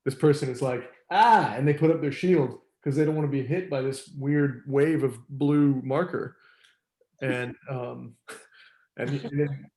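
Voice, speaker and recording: Gravelly relaxed man teaching in an echoey room. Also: medium pitch. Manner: relaxed, rambling with many fillers and laughs. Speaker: circling facilitator. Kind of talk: casual teaching talk.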